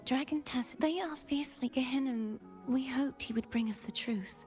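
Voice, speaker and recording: A woman plays a calm young heroine from a story game, her voice high and soft. She speaks in gentle, measured lines, with game music playing underneath. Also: natural voice. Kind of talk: game dialogue.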